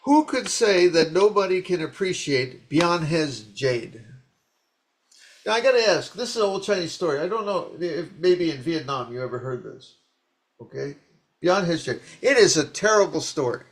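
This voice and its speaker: A man giving a dharma talk as a Zen teacher, telling old stories in an animated, rambling way with many restarts. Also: on the high side, moderate pace.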